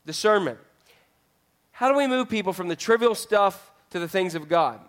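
A man's voice: sits high, lively intonation, moderate pace. A male pastor preaching a sermon in a conversational way, often putting questions to the congregation.

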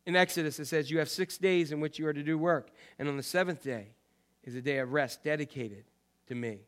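A man preaching a sermon as pastor, swinging from loud, emphatic lines to quiet, low asides.

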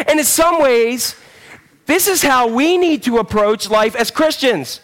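High-voiced, chatty male preacher. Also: a little fast. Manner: conversational, rambling with fillers and restarts; animated storytelling. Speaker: pastor. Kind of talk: sermon.

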